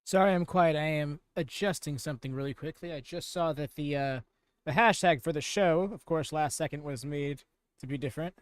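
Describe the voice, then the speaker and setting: A man's voice: on the high side, fairly quick, clean tone, no room sound. A man hosting a live wrestling watchalong stream, chatting casually and answering viewers in chat. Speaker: watchalong host.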